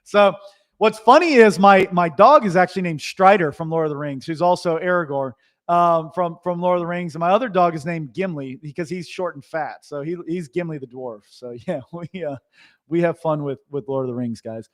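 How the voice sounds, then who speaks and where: A man who runs a Christmas lighting business, telling stories to viewers in an animated, chatty way. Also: fairly high pitch, moderate pace. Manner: animated, chatty, with restarts and asides. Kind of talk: casual storytelling to viewers.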